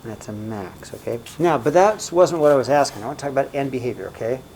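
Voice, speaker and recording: A male math teacher walks through graphs in a relaxed, chatty way. He keeps tossing "right?" and "okay?" to his students, and his voice sits at an ordinary middle pitch. A faint hiss runs under the recording. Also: fast, low-quality recording. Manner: casual, checks in often with "right?" and "okay?".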